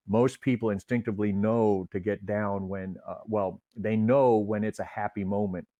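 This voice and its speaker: A man's voice: fairly low pitch, fairly even intonation, warm tone, no echo. A middle-aged man, a retired officer and trainer, earnestly explaining de-escalation in an interview. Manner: earnest instructor, measured with filler restarts.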